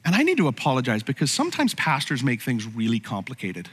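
A man's voice: mid-range voice, huge pitch swings, fast talker, a bit bright, slightly rough, in a large hall. A man preaching a sermon as pastor, conversational and humorous, with frequent asides to the congregation.

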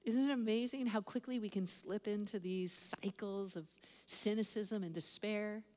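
A woman's voice: mid-range voice, normal speed. A middle-aged woman preacher telling a story in a sermon, acting out the voices of the people in it. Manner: animated storyteller acting out dialogue. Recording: long hall reverb.

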